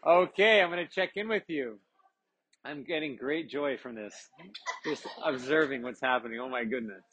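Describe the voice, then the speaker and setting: Brisk, encouraging man with a husky voice. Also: medium pitch, fairly bright tone. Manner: brisk and encouraging, with frequent "okay, very good" acknowledgements; laughs often while checking in with participants. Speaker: yoga teacher leading a group workshop. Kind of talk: live workshop instruction to a group. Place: live session at a retreat.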